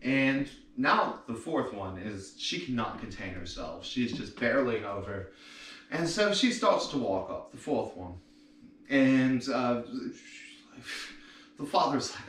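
A man telling a joke in a loose, playful way, his voice rising and falling in an animated way. He sounds far from the mic in an echoey room. A faint hiss sits underneath. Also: medium pitch, slow pace. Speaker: joke teller.

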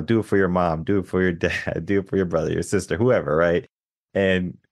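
A man hosting a coaching podcast, speaking in a measured, reflective way with plenty of "you know" fillers. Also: low voice, dry recording, clean studio sound. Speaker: podcast host.

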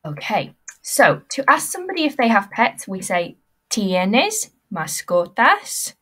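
A woman teacher giving a recorded language lesson, modelling words slowly and clearly for pupils to repeat. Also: fairly high pitch, big pitch swings, fairly bright tone.

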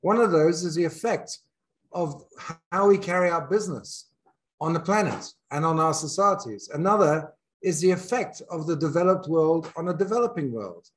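A man's voice: fairly high pitch, animated, normal speed. A man with an English accent giving a reflective talk as a business school dean, speaking candidly and thinking aloud with frequent restarts. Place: in South Africa.

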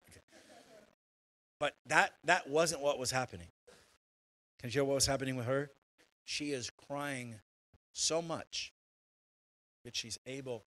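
A man preaches from the pulpit in a lively, conversational way. He keeps asking the congregation questions and restarts his phrases as he builds a point. His voice sits at an ordinary middle pitch. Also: low-quality recording. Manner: animated preaching with rhetorical questions and repeated restarts. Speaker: pastor. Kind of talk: sermon. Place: church sanctuary.

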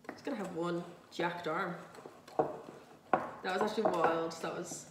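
A woman's voice: fairly low pitch, fairly even intonation, moderate pace, recorded from a distance, a little hiss or hum. Young Dublin woman chatting in her kitchen. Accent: Dublin Irish, light. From Ireland, Dublin. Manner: chatty, rambling, self-mocking, swears freely. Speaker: vlogger. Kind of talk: casual chatty vlog while cooking. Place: home kitchen, indoors. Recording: echoey kitchen, voice a little off-mic.

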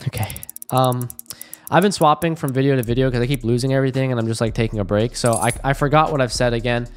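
A young man narrates his own gambling session for an online audience, swinging between pleading and frustrated groans and swearing freely. His voice sits at an ordinary middle pitch. Faint music plays underneath. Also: fast, smooth. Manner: excitable, heavy swearing, pleading and groaning at results. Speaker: online gambling video host. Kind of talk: live gambling commentary to viewers.

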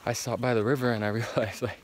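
A man vlogging casually to camera from his van and out on forest trails, excitable and rambling with casual swearing. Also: medium pitch, fast talker, noisy background. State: out of breath while hiking. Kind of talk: casual vlog talk to camera.

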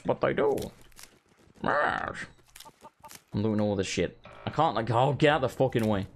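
A man's voice: mid-range voice, moderate pace, long pauses, soft background music. A man giving rambling, casual, sweary commentary while playing a video game. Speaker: gaming host. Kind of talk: casual let's play commentary.

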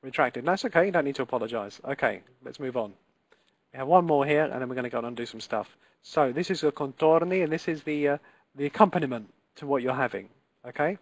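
A man's voice: medium pitch, quick pace, dry recording. A man teaching a live online Italian class, encouraging and patient, pronouncing Italian words carefully for his students.

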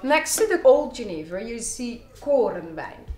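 A woman's voice: fairly high pitch, big pitch swings, measured pace, warm tone, roomy sound, low-quality recording. Woman guiding a distillery tour. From Netherlands. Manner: explanatory, storytelling, lists products. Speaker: distillery museum guide. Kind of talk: guided tasting tour. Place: indoor distillery museum.

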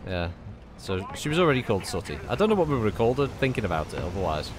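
Rapid-fire and lowish, with big swings in pitch, this man streams a video game while a crowd is heard in the background. He keeps up a casual chat with friends full of jokes and frequent laughter.

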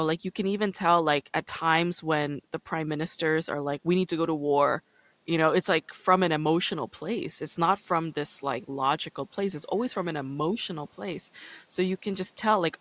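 A woman hosting a casual podcast chat, with a low-register voice and a chatty way of talking full of "like" and "you know". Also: a bit bright. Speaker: podcast host.

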